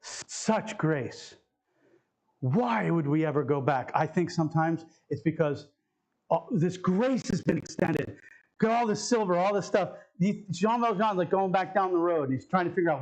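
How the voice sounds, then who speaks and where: Male pastor, high voice, casual preaching style that repeats key lines. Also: expressive, moderate pace, a little mellow, low-quality recording. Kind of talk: sermon. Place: church sanctuary.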